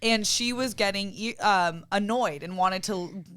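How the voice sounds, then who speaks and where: A woman chatting as podcast co-host, adding details to the story being told. Her voice is smooth and crisp, with no room sound around it. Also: mid-range voice, a little slow, fairly bright tone, no room sound, clean studio sound. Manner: chatty, adds details to stories. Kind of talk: casual chat.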